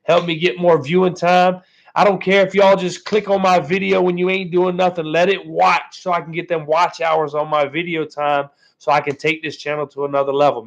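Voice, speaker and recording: Male live streamer, casual, slightly high voice, easygoing chat from home, leans on "man", muffled lo-fi audio. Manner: laid-back, ends phrases with "man", keeps thanking viewers.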